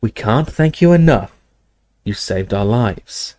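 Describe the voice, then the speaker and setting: A man voicing an earnest young wizard hero, speaking plainly and quietly. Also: lowish voice, animated, takes it slowly.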